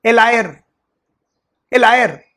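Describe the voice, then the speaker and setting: Brief: a man doing a loud, accusing guru, gravelly and husky. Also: sits high, fairly even intonation, moderate pace. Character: stern accusing male spiritual teacher.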